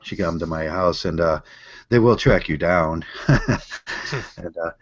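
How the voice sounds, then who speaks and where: A man's voice: low-pitched, a little slow, no echo, lo-fi sound. An American man telling stories in a casual group chat, rambling with frequent fillers. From United States.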